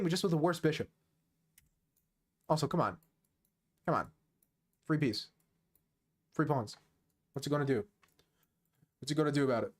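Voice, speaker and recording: A man giving casual live chess commentary on a stream, with a voice of ordinary middle pitch. He is excitable and slangy and talks straight at the player as if coaching a friend. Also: moderate pace, pauses often.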